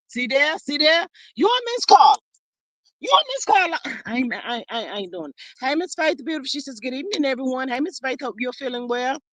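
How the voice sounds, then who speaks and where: A folksy, animated host talks casually to a live chat audience, calling viewers honey and child. The voice sits in a middle pitch and keeps leaping up when excited. The sound is dry and close, with no room echo. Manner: animated, with sudden jumps in pitch and bursts of speed. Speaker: livestream host.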